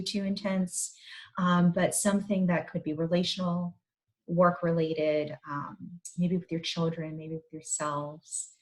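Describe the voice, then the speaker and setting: Low-voiced gentle woman psychologist. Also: rough recording. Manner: gentle, reflective, guiding listeners through an exercise. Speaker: psychologist giving a parent talk. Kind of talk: online community talk.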